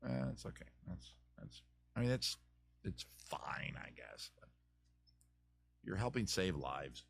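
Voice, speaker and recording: A man's voice: low voice, very animated, slow pace, creaky, a bit bright, breathy edge, no echo. A man hosting a live advice stream, chatting casually and joking as he thinks aloud with many restarts.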